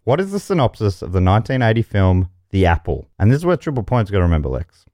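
Lively jokey male game show host. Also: on the low side, fast talker, no echo. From Australia. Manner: jokey, chuckles mid-sentence. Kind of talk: comedy podcast banter, reading quiz options.

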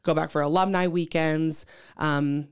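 A woman in her thirties with a low, smooth voice talks as a podcast guest. She tells stories in a chatty, animated way, full of fillers and asides. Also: unhurried. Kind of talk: casual chat.

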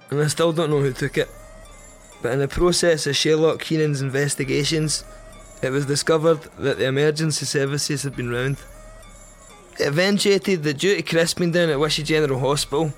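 A young Scottish man telling a crude first-person comic story in a wry, deadpan way. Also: fairly high pitch. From Scotland. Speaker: podcast storyteller.

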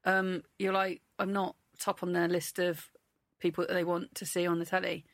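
A woman's voice: fairly low pitch, little pitch movement, normal speed, no echo. A frank woman in her forties with a Cotswolds accent, a comedian chatting candidly and rambling through restarts as an interview guest. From the Cotswolds, England. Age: 40s. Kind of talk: candid casual chat.

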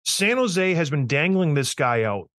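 A man hosts a podcast in a blunt, emphatic rant, pushing his points hard and teasing his co-host. His voice sits a little higher than most men's. The sound is dry and close, with no room echo. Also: sing-song, a little slow, fairly bright tone. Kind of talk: casual opinionated rant.

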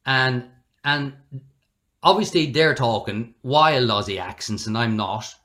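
A middle-aged Irish man telling stories in a relaxed interview, animated and given to acting out the people he quotes. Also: mid-range voice, slow. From Ireland. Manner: animated, acts out quoted voices. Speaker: guest. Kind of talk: conversational storytelling.

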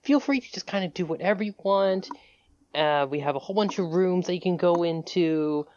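A woman's voice: on the low side, fairly quick, a little mellow, no echo, lo-fi sound, pitched above the performer's own voice, close to an everyday voice. A woman voicing a flustered, eager mother hosting a party, who stammers and over-explains.

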